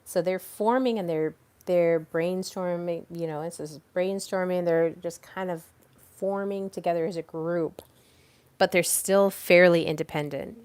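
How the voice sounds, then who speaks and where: A woman's voice: on the low side, fairly even intonation, a little slow, darkish tone, smooth, no room sound. A woman hosting a podcast, teaching about teamwork in a chatty, casual way with restarts and examples, speaking from home by a fireplace on a call. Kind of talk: casual teaching talk to a live audience.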